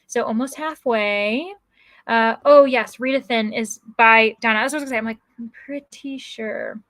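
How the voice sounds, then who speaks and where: An American woman chats casually on a reading livestream, her voice a touch high. She rambles through viewer comments with a lot of fillers. The sound is dry and close, with no room echo. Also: fairly quick, a bit bright. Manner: chatty, rambling, many fillers. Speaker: livestream host.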